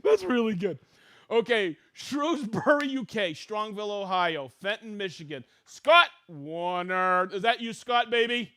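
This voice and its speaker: Middle-aged male livestream host, bright high voice, unhurried, playful shout-outs. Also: a little hiss or hum. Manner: excited, playful, reading out viewer locations. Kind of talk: live-stream shout-outs to viewers.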